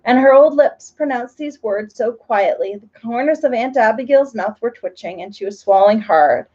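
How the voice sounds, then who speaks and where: A woman reading a children's story aloud, gently and slowly with expressive phrasing. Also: fairly high pitch, slightly rough, highs cut off.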